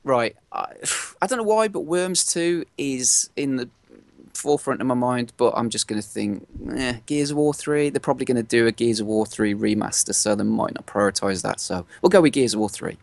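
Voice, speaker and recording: A man co-hosting a gaming podcast, answering quiz questions in a jokey way and thinking out loud. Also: medium pitch, normal speed, creaky, no echo. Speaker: podcast co-host and quiz contestant. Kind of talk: casual podcast chat.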